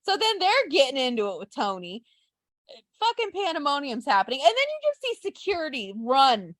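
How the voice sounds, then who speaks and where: A woman co-hosting a casual podcast who swears freely and retells events with quick quoted asides. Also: high voice, huge pitch swings, fairly bright tone, dry recording. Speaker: podcast co-host. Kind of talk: casual chat.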